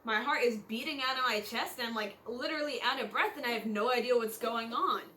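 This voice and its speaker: Bright, high-voiced young woman rambling. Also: fairly quick, a little hiss or hum. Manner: chatty, filler-heavy, acts out quotes in lively voices. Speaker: vlogger. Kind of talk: casual storytime monologue.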